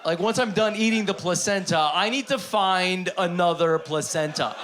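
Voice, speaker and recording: Animated male stand-up comic, live club. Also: high-pitched, normal speed. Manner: animated, acting out voices in his stories. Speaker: stand-up comedian. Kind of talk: stand-up comedy set. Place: comedy club stage before a live audience. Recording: live club with audible audience noise.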